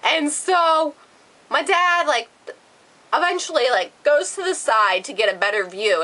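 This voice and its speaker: Bright, animated woman vlogger, swearing freely. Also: high-pitched, moderate pace, poor audio. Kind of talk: storytime vlog.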